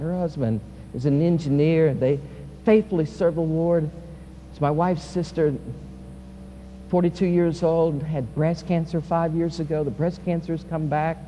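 A male pastor preaching a sermon, swinging from loud, impassioned peaks to quiet, soft passages. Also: on the high side, normal speed. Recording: reverberant hall with faint hum.

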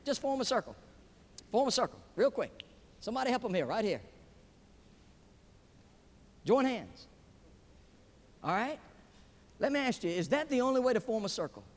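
A man preaches in a large hall before a live audience. His voice sits very high and moves a great deal in pitch. Long reverb trails behind every phrase. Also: very animated, moderate pace, pauses often. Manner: emphatic, swinging between loud peaks and hushed drops. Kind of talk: sermon.

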